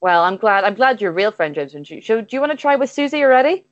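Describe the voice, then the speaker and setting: A woman narrating an improvised comic adventure with playful deadpan timing. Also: on the high side, fast talker, dry recording, lo-fi sound. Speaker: comedy guest and game narrator.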